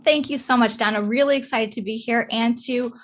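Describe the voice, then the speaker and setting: A woman's voice: fairly high pitch, fairly even intonation, normal speed. A woman with a nasal Midwestern American accent, a podcast guest speaking in a friendly way with many fillers. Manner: friendly, filler-heavy, tags "right?". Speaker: guest, marketing business owner. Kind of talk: casual podcast interview.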